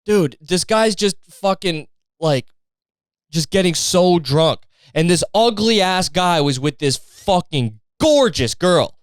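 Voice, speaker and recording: A young Canadian man hosting a podcast, ranting casually with lots of profanity and an animated, rambling delivery, recorded outdoors on a street. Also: high voice, slow, no room sound. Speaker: podcast host. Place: outdoors in a street after a match.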